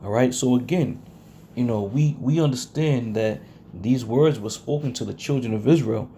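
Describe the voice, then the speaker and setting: Preaching from scripture, this man speaks bluntly and confrontationally, reading verses slowly with heavy stress. His voice is mid-range and warm, with slight background noise.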